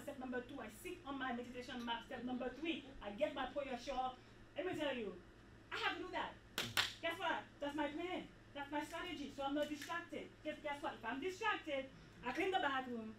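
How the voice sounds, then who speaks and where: A woman giving a motivational talk to a women's group, animated and preachy, repeating phrases for emphasis. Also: high voice, recorded from a distance, slight background noise. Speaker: retreat speaker. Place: event hall. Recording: echoey hall, speaker off-mic.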